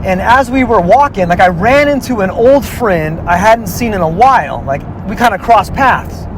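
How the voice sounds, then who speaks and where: A man's voice: high-pitched, lively intonation, moderate pace, noisy background. A man casually telling a personal story, rambling with lots of filler words and restarts.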